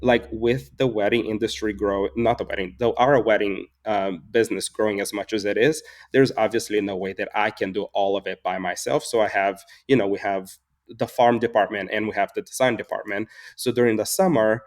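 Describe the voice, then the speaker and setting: In a relaxed interview, a man in his forties who farms flowers and designs floral arrangements shares personal stories. His voice is on the low side, fairly even in intonation and a little fast, and he comes across as earnest and reflective, voicing dialogue and laughing frequently.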